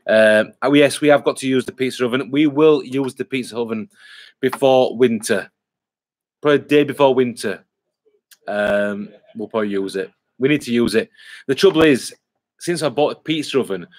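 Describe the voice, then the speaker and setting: Chatty man on a livestream. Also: medium pitch. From England. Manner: rambling, chatty, many fillers and restarts. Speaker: vlogger hosting a live stream. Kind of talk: casual live-stream chat reading comments.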